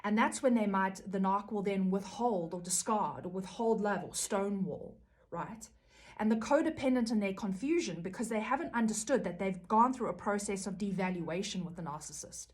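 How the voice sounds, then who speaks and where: A woman's voice: mid-range voice, expressive, normal speed. A woman talking casually to camera about codependency recovery, earnest and rambling, often checking in with "you know" and "right?". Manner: earnest, rambling, many fillers and "right?" tags.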